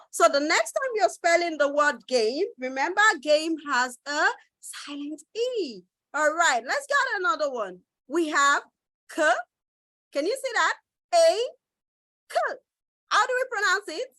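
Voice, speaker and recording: A woman teaching children phonics in an online class, cheerful and coaxing, repeating words slowly for them to echo. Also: extremely high pitch, pushed and bright. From Nigeria. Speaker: reading teacher. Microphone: close mic in a virtual class.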